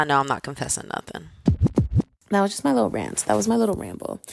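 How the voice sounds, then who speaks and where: A young woman hosting a solo podcast, ranting casually and acting out what other people said, with slangy, animated storytelling. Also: mid-range voice, creaky. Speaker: podcast host.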